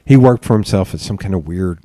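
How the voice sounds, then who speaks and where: A man hosting a podcast, telling stories in a loose, animated way, swearing freely and laughing often. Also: low-pitched, a little fast, no echo, studio quality. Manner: laughs often mid-sentence. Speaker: podcast host. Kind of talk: casual chat.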